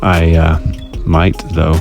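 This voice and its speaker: Male vlog host, deep voice, dry self-deprecating jokes, faint music underneath. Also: little pitch movement, slow pace, gravelly, darkish tone. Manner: wry, self-mocking humor. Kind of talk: casual scripted vlog narration.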